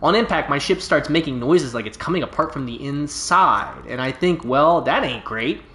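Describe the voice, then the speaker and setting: A man's voice: on the high side, animated, moderate pace, fairly bright tone. A man voicing a boastful, laid-back stranded alien pilot from a video game, telling his tale in a folksy, drawling way. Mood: easygoing boastful. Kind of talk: reading game dialogue aloud. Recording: roomy echo.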